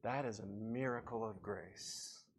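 A man preaching a sermon to a congregation, swinging between loud appeals and quiet reflection. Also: fairly low pitch, unhurried, a little hiss or hum. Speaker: pastor.

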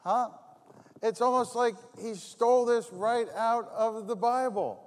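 High-voiced preacher in a reverberant hall. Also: male voice, a little slow. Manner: conversational preaching with repeated phrases. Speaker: pastor. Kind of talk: sermon.

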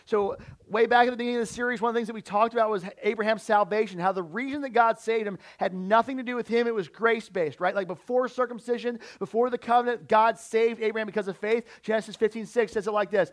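A man's voice: sits high, fast talker. A man preaching a sermon, emphatic and often repeating words as he builds a point. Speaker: pastor.

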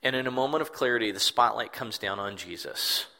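Earnest male pastor, bright tone. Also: medium pitch, brisk, creaky. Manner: earnest, reflective, repeats words for emphasis. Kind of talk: sermon.

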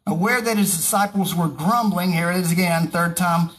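A man's voice: high voice, steady tone, moderate pace, fairly bright tone, poor audio. A man reading a Bible passage aloud and breaking off for informal, joking commentary. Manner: reads scripture aloud and breaks off for joking asides. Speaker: preacher.

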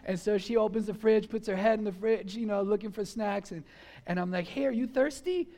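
A middle-aged man preaching a sermon, telling a childhood story in a conversational, animated way and acting out the voices. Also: high-pitched, a little fast. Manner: animated, acts out his own and others' voices in the story; conversational, frequent fillers like "you know" and "like". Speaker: pastor.

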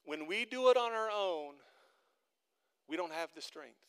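A man's voice: high-pitched, lively intonation, unhurried, a bit bright, clear, resonant tone. A man preaching a sermon as pastor, telling everyday stories and building into emphatic, repeated calls to his congregation. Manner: conversational storytelling that builds into emphatic repeated exhortation. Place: church.

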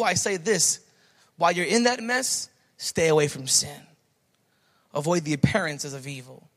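A male pastor preaches with a notably high voice, leaning hard on repeated phrases to drive each point home. His words ring out with a long reverb tail that fills the church around him. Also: a bit bright. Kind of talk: sermon.

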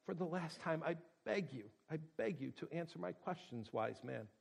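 A man's voice: a little high, animated, normal speed, creaky, breathy edge, exaggerated voice. A man voicing a king who presses earnestly for an answer. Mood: pressing.

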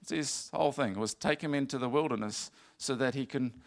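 A man's voice: medium pitch, fairly quick, vocal fry. A man preaching a sermon in an earnest, repetitive way, rising to emphatic passages.

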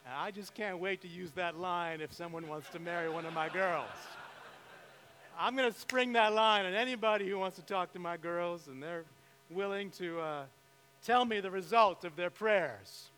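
High bright-voiced pastor preaching. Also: male voice, moderate pace. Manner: storytelling with emphatic rises. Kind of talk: sermon. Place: church sanctuary. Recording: reverberant hall with faint mains hum.

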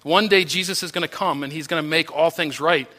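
Bright-voiced preacher, earnest and fervent. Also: male voice, brisk. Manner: earnest preaching with restarts, voice dropping low and soft on key phrases. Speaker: pastor. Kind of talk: sermon.

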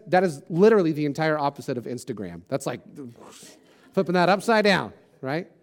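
Joking, chatty man preaching a sermon. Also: sits high. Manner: casual, joking and self-deprecating; conversational with many fillers like "like" and "you know". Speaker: pastor.

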